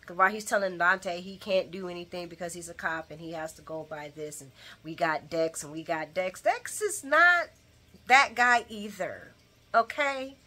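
A woman hosting a daily soap opera recap, talking straight to her viewers in an animated, opinionated way. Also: on the low side, normal speed. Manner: animated and opinionated, talks to viewers as guys and y'all, acts out retorts. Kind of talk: casual chat, daily show recap.

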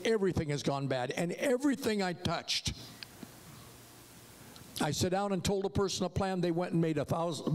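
An older man preaching a sermon testimony in an animated storytelling way, with his voice swinging high and low. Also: slight background noise.

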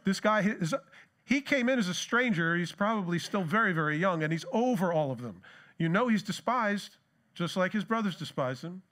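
Man, middle-aged pastor, relaxed preaching, stories and questions, raised pitch. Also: normal speed. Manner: conversational preaching with rhetorical questions and anecdotes. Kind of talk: sermon.

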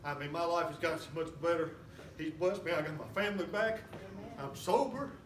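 A man preaching a sermon as a guest pastor, fiery and rising to shouts and whoops. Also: a little high, a little fast, a little hiss or hum. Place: church sanctuary. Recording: roomy church from far off.

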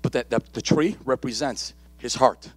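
A male pastor preaching a live church sermon with impassioned repetition and calls to the congregation, at times shouting, at times dropping low. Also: moderate pace, husky, no echo. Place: church sanctuary during a live service.

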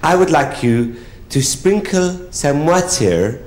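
A man's voice: a little high, expressive, slow, pitched above the performer's own voice. A man doing a pompous old French count. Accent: French, put on. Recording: roomy live theatre with laughing crowd.

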